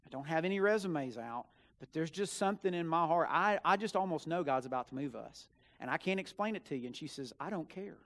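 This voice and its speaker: Storytelling preacher, fairly high voice. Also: male voice, animated, brisk. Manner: storytelling, swings from quiet asides to loud emphatic bursts. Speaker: student minister. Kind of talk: sermon with personal story. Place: church sanctuary.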